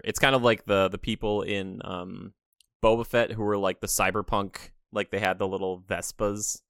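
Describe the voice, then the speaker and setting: Homme à voix grave, bavardage décontracté. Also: male voice, lowish voice, level tone, normal speed, creaky, fairly bright tone, clear, resonant tone, no echo, clean studio sound. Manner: rambling, acts out quotes in funny voices. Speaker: podcast co-host. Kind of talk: casual chat.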